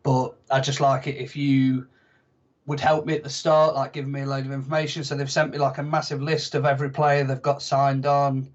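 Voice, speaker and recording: A young man chats easily on a podcast, spinning jokey, self-mocking stories. His voice sits at a middling pitch, and the recording sounds a little dull. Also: flat delivery, a little fast. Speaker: podcast guest. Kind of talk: casual podcast chat.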